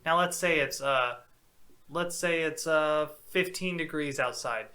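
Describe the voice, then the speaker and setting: A man's voice: a little high, measured pace, sharp tone. A man co-hosting a casual podcast chat, ranting and cursing freely. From Texas. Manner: profane, ranting, worked up. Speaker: podcast co-host.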